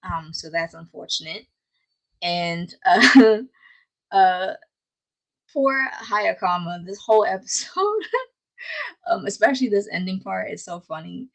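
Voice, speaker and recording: A woman's voice: medium pitch, measured pace, creaky, pauses often, rough recording. Giggly woman recapping anime. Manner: laughs often, animated and playful; exasperated, scolding asides. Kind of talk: casual recap chat.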